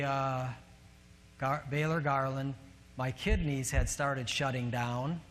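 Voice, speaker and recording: A man with a northern US accent, a pastor preaching a sermon and telling a personal story with light self-mocking humor. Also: medium pitch. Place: church sanctuary. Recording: long reverb of a large church hall.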